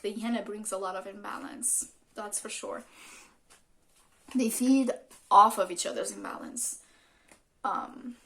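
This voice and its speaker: A woman talks through a tarot reading in a loose, rambling way, full of ums and restarts and the odd swear word. Her voice sits at an ordinary middle pitch. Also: a bit bright. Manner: rambling, casual, swears freely, many fillers. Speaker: tarot reader.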